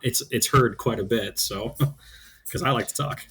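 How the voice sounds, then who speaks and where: A man in his late twenties, a guest on a podcast, talking in an easygoing, halting way with many filler sounds. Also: mid-range voice, fairly bright tone, husky. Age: late 20s. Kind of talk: casual podcast chat.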